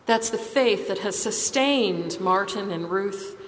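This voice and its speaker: A woman preaching a sermon, telling stories in a measured, expressive way. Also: medium pitch, a little hiss or hum. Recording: reverberant hall with faint ambience.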